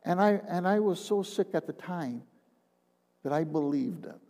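An older man, a retired minister, giving a personal testimony, halting and repeating words, often dropping to a hushed tone. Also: high voice, lively intonation. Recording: long reverb of a large hall.

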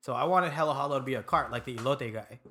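A young man from Sacramento, a podcast guest casually telling stories about his life, laid-back and quick to laugh and swear. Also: medium pitch, bright, forceful tone. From Sacramento, California. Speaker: podcast guest, food truck owner. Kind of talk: casual storytelling chat.

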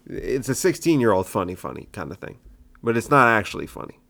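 A young adult stand-up comedian rambles casually on his own solo podcast, poking fun at his old jokes. His voice is fairly low and a bit bright, with a creaky, sing-song quality and a brisk pace.

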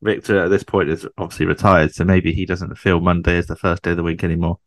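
A man's voice: low voice, flat delivery, fast, dry recording, clean studio sound. A man co-hosting a podcast in casual chat, chatty and fond of tag questions. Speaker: podcast co-host. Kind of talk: casual chat about a TV sitcom.

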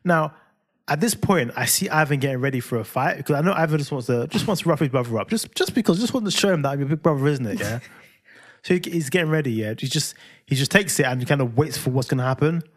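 A man, co-hosting a podcast and telling an animated story about his kids in casual chat. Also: fast talker. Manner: animated storyteller, acts out voices with big pitch jumps. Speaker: podcast co-host.

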